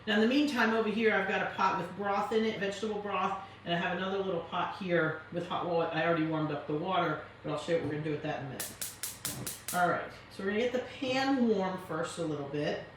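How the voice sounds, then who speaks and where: A woman's voice: fairly low pitch, quick pace, slight background noise. A woman hosting a home cooking show with an Italian-tinged accent, chatting and explaining each step as she cooks. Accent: Italian-tinged English. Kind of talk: casual cooking demonstration. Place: home kitchen. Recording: very echoey kitchen, distant mic.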